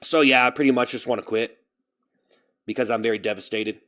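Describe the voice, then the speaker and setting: A man talks casually to his live-stream viewers at an ordinary pitch. He rambles, repeats the same phrases and lets self-pity run through his venting. It sounds like a home streaming setup. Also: fairly even intonation, a little fast, fairly bright tone.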